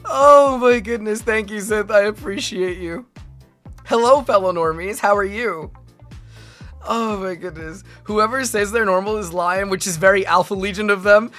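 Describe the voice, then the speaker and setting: A woman in her thirties streaming as a VTuber, chatting excitably with her viewers, laughing often and breaking into squealing exclamations. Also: mid-range voice, normal speed, faint music behind. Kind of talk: livestream reaction chat.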